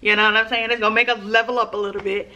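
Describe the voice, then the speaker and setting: Woman vlogger, casual chat, slangy and animated, fairly high voice, bright tone, dim home room. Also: racing. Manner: chatty, slangy, animated storytelling.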